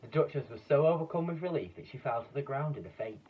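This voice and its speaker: Man reading a children's story, animated pitch, dull lo-fi sound, faint background hum. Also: quick pace, recorded from a distance. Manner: lively, puts on voices for each character. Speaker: storybook reader.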